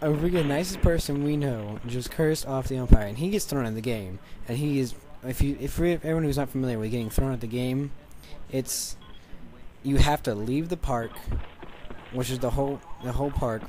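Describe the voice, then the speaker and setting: A man telling a story in a casual, excited, rambling way over gameplay, restarting his sentences often. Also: medium pitch, brisk. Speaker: gaming channel commentator.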